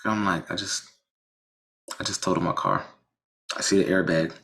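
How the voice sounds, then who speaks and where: A man casually telling a personal story about a car accident, animated, with frequent restarts and blunt swearing. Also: deep voice, moderate pace, vocal fry.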